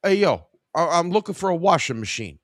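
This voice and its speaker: Brash twenty-something Staten Island guy, put on by a man, cocky and loud, high and bright. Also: sing-song, brisk, no echo, clean studio sound. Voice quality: brash, streetwise. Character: cocky young male customer, about twenty-one.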